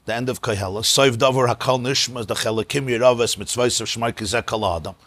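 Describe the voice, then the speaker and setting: Male rabbi lecturing in a synagogue; bright, husky tone, emphatic, repeats key words, sprinkles in Hebrew and Yiddish. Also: medium pitch, a little fast, no room sound. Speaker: rabbi teaching a class. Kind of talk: lecture on mystical texts.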